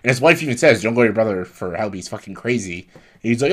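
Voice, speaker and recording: A man's voice: lowish voice, fast talker, fairly bright tone. A young man giving a casual spoken film review, exasperated and laughing often, full of fillers and quoted disbelief. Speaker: movie reviewer.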